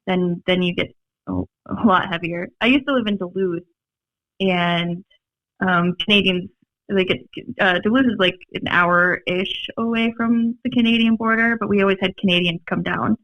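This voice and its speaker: A young woman with a Minnesota accent, a podcast guest telling stories in a rambling, animated way, full of fillers and laughs. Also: mid-range voice, normal speed, dry recording. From Minnesota, USA. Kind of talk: casual storytelling chat. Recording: dry, slightly dull podcast audio.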